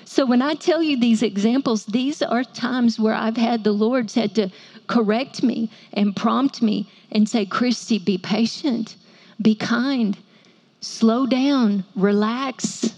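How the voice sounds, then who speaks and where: A soft-voiced woman preaches to women. Her voice sits a little high, and she keeps it gentle. She breaks into playful asides and pulls the room into call-and-response. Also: slow pace. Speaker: women's ministry speaker. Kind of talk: sermon to a women's audience.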